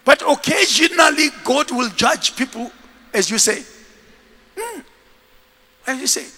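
High-voiced, animated preacher in a ringing hall. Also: male voice, a little slow. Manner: animated storytelling, acting out scenes. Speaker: bishop and preacher. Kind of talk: sermon.

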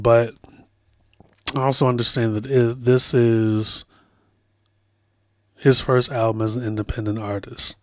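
A man hosts a pop culture podcast in an unhurried, drawn-out delivery. His voice sits in a middle register, and he colors his stories with playful impressions. The sound is dry and close. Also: medium pitch, no room sound. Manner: animated storytelling with playful impressions. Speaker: podcast host. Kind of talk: casual pop culture commentary.

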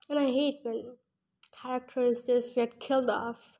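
A woman's voice: high voice, fairly even intonation, slow, darkish tone. A woman reading a novel aloud for her podcast, stumbling over words and breaking off with emotional asides. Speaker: audiobook reader and podcast host.

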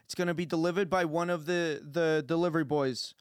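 Give me a man doing a pushy car dealer who calls everyone his friend, in a clear, dry recording. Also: fairly even intonation, a little fast, no room sound, close to an everyday voice. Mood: reassuring. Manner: salesman's smooth pitch, calls everyone friend. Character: pushy male car dealer showing a lot.

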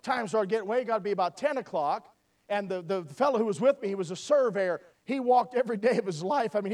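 A man's voice: high-pitched, darkish tone. A man preaching a sermon, telling a folksy personal story and asking for amens. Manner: folksy storytelling, asks "amen?". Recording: voice from far off the mic.

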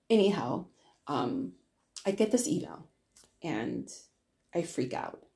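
Female podcast host, low dark voice with vocal fry, candid rambling monologue. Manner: candid, rambling storytelling with many restarts.

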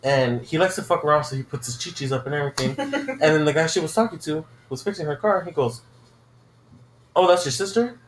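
A man's voice: fairly high pitch, fast talker, a little hiss or hum. Man telling a story in a roomy space. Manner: profane, rambling storyteller. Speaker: podcast co-host. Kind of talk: casual chat.

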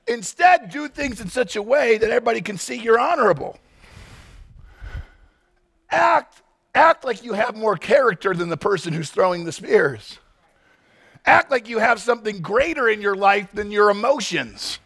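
Animated gravelly-voiced man preaching. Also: high voice. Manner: animated, acts out quick scenes and voices. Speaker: pastor. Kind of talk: sermon. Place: church.

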